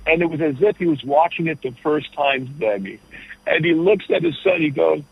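Husky man on a dull phone line. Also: on the high side, moderate pace, no echo. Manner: rambling, full of restarts and storytelling. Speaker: comedian guest. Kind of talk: phone interview chat. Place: airport.

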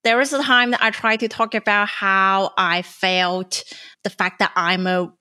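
A young woman leads a relaxed talk. She speaks earnestly, asking questions and telling her own stories at an everyday pitch. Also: measured pace, clear, resonant tone. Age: young adult. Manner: earnest, asks questions and tells personal stories. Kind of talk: casual discussion.

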